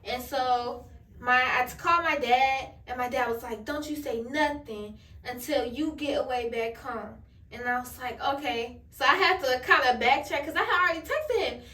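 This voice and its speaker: A woman's voice: sits high, normal speed, sharp tone, recorded from a distance. A young woman vlogger, telling a candid storytime full of slang and swearing while she does her hair. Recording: echoey room, voice a bit off-mic.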